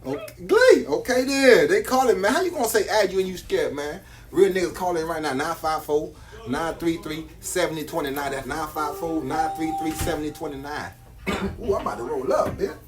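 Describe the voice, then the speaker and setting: A man's voice: fairly high pitch, animated, normal speed. A man, selling jewelry on a phone live stream, boastful and slangy, repeating his hype lines.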